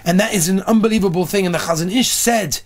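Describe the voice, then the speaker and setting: A man's voice: high voice, fast. A man, a rabbi, giving an earnest sermon on prayer, telling stories and building emphasis.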